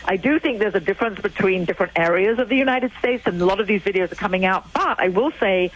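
A woman's voice: medium pitch, fast talker. An older woman from England, a guest speaking emphatically and telling stories in a chatty way on a phone line. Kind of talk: call-in radio talk.

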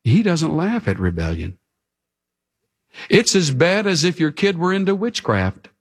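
Slow-preaching man. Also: big pitch swings, husky. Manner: earnest preaching, drops low and soft for emphasis. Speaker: pastor. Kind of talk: sermon.

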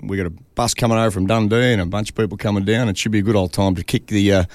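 A man in his fifties with a broad Australian accent and a deep, gruff voice, a country musician joking his way through a radio interview. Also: fairly even intonation, racing, darkish tone, no echo. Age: 50s. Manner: laconic, joking, broad slang.

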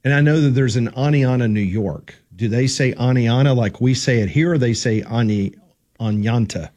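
A man's voice: medium pitch, moderate pace, a little mellow. A man co-hosting a talk radio show, chatting casually and then reading a folksy live ad. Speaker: radio co-host.

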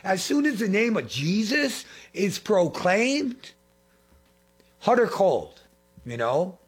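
High-voiced husky fervent preacher man. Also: very animated, slow pace. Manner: fervent, repeats phrases, swings between loud and hushed. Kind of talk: impassioned sermon.

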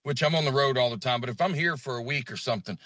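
A man's voice: mid-range voice, fast, no echo. A man in his thirties from Alabama with a Southern accent, chatting as a comedian guest and acting out quotes. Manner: animated, acts out quotes. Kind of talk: casual interview chat.

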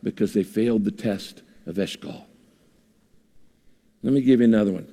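A man's voice: lowish voice, moderate pace. Man preaching in a big reverberant hall. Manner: lively preaching with rhetorical questions. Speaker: pastor. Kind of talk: sermon.

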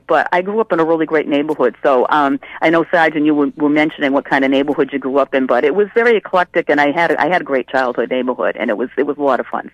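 A woman's voice: low-pitched, no room sound, lo-fi sound. A middle-aged woman calling into a radio talk show, telling a rambling story with many ums and restarts. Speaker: caller. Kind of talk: casual phone-in storytelling.

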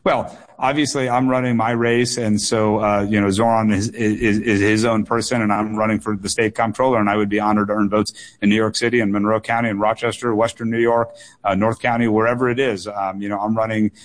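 A man with a slightly low voice answers questions as a political candidate on call-in radio. He speaks earnestly and in measured phrases, and he often doubles words and leans on fillers as he works through a point. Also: little pitch movement. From United States.

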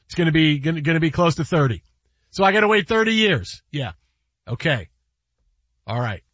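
High husky-voiced male radio host. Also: expressive, normal speed, a bit bright, no room sound, lo-fi sound. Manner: emphatic, repetitive, playfully dismissive. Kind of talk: sports radio banter. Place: radio studio.

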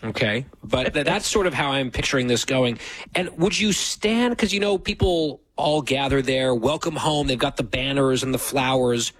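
A man's voice: medium pitch, normal speed, fairly bright tone. A man hosting a radio show, chatting casually and poking skeptical, teasing questions at his co-host. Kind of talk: casual chat.

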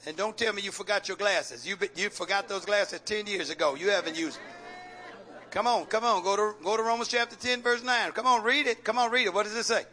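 Male pastor, very high voice, sharp tone, call-and-response sermon with teasing rhetorical questions. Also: a little fast. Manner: preacher's rhetorical questions, coaxing and joking. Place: church sanctuary with congregation.

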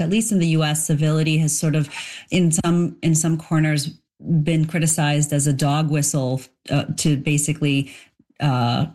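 Woman author, middle-aged, low voice, reflective interview answers. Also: darkish tone. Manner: thoughtful, explanatory, with frequent restarts.

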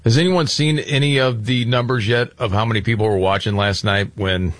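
A man's voice: mid-range voice, a little fast, dry recording. A man hosting a casual talk show, chatting with co-hosts in an emphatic, conversational way. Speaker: host.

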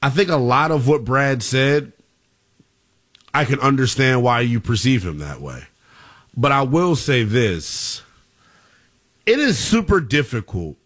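A man hosting a sports talk radio show, excitable and emphatic as he talks to callers. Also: on the high side, moderate pace.

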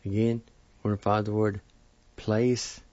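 A man teaching vocabulary, spelling out and pronouncing each word slowly and patiently, with repetition, on a dull lo-fi recording. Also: lowish voice, level tone, mellow, no room sound. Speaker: language teacher. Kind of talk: slow spelling and pronunciation lesson. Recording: dull lo-fi sound.

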